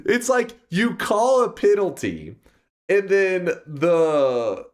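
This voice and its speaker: Animated, indignant male streamer. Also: slow. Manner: swears freely, jumps to high indignant outbursts; argues and banters with chat. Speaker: live streamer. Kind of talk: casual live-stream commentary.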